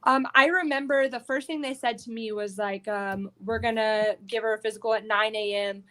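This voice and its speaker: Woman fighter guest, fairly high voice, animated and salty, chatty podcast storytelling. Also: moderate pace. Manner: animated, profane storytelling full of "like". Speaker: bare-knuckle fighter guest. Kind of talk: casual podcast interview.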